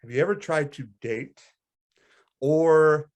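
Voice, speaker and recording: A man's voice: fairly high pitch, takes it slowly, darkish tone. A man co-hosting a casual chat show, rambling and teasing, swearing freely. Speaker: podcast co-host.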